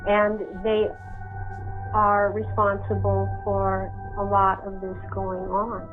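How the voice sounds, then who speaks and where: A woman giving a measured, explanatory interview statement. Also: mid-range voice, monotone. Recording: tinny phone-like audio with music.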